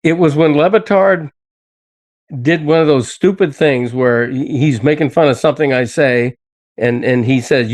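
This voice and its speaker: A man's voice: medium pitch, fairly even intonation, normal speed, no room sound. An older man hosting a podcast in casual chat, talking in an indignant way that he soon laughs off. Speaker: podcast host.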